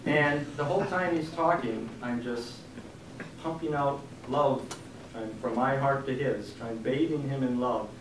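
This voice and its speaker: A man, an author giving a book reading, telling a story in an animated way and acting out the quotes. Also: mid-range voice, moderate pace, background noise. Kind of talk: storytelling talk. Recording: echoey room from a distant mic.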